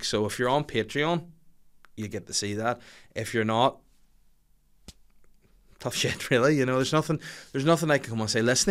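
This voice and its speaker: Northern irish guy doing a comedy podcast monologue, lowish voice, cursing and taking the piss out of himself. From Northern Ireland. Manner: profane, self-mocking, animated storytelling. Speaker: podcast host.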